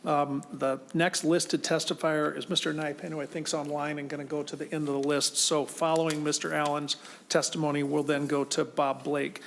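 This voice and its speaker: A man's voice: on the high side, flat delivery, moderate pace, vocal fry, a little hiss or hum. A man chairing a legislative hearing, calling testifiers in a polite, procedural way. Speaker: committee chair.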